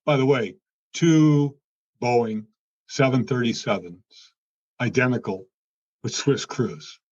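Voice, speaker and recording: Taking his time, an older man who used to be a car executive tells an anecdote during an interview in a mid-range voice. He delivers it in an animated way, acting out the quoted exchanges, and the recording sounds dull and lo-fi.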